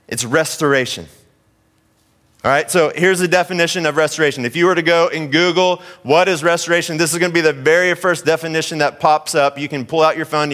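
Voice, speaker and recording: Animated storytelling male pastor. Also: on the high side. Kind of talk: sermon.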